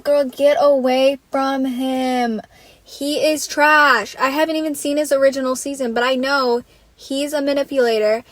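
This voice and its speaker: High-voiced exasperated young woman ranting. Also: no echo. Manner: exasperated, swears freely, lots of "like". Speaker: podcast host. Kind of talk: casual solo rant.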